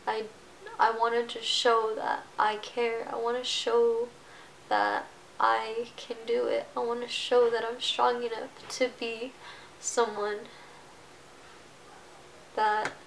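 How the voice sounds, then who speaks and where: A woman in her twenties speaks to camera in a fairly high voice, halting and emotional, often breaking off and starting over. A faint hum sits under the recording. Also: creaky, fairly bright tone, low-quality recording. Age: 20s. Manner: halting, emotional, many restarts. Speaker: vlogger. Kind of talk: personal vlog confession.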